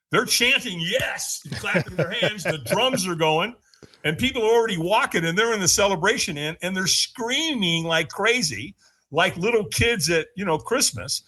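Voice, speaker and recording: Animated husky man telling a story. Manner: laughs often, acts out quotes in a higher voice. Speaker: podcast guest.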